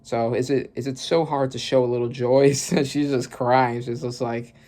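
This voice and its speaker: A man's voice: mid-range voice, flat delivery, moderate pace, a little mellow. A man casually thinking aloud as he reacts to a comic, full of fillers and restarts. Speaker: manga reaction youtuber.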